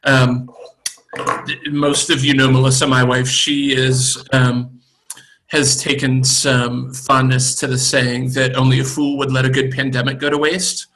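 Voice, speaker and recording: A brewer talks over a video call, unhurried and thoughtful, filling gaps with "um". His voice is bright and clear, pitched at an ordinary middle level. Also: low-quality recording. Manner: relaxed, thoughtful, with many fillers. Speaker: brewery co-owner. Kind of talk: casual video call chat.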